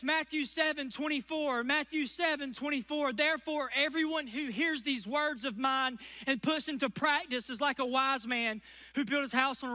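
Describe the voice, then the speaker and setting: A man's voice: very high voice, sharp tone, in a large hall. A man preaching a sermon, folksy and emphatic, stretching key words for effect. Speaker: pastor.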